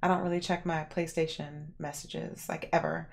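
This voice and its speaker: A woman hosting a livestream, casually chatting and answering viewers, rambling with lots of fillers and animated reactions. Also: sits low, normal speed, vocal fry. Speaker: livestream host.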